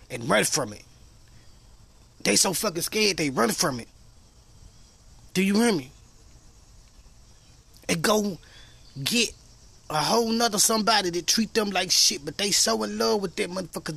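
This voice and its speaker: A man's voice: on the high side, vocal fry, pushed and bright. A man hosting a podcast in a casual monologue, emphatic, profane and preachy, rambling as he goes. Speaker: podcast host.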